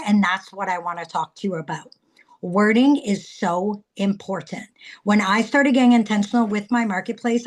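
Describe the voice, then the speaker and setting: A woman in her thirties giving a casual, chatty sales training talk, telling stories with lively acted-out quotes. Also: medium pitch.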